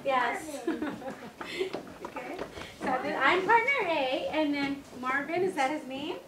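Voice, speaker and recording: A woman teaching first graders, giving slow, clear instructions to the class. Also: high-pitched, lively intonation, a loud crowd. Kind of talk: classroom lesson. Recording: echoey classroom, distant mic, noisy.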